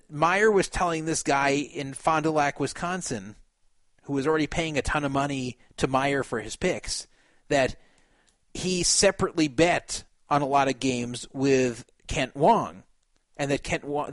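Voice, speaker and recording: A man's voice: mid-range voice, no room sound. A man hosting a talk show, reading a news story aloud and breaking in with wry, chuckling asides.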